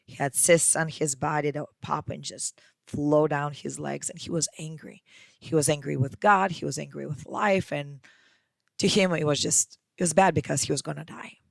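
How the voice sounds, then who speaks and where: Gravelly-voiced woman podcast host. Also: low voice, steady tone, moderate pace, dry recording. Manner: emphatic, addresses listener as friend. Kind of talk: motivational podcast monologue.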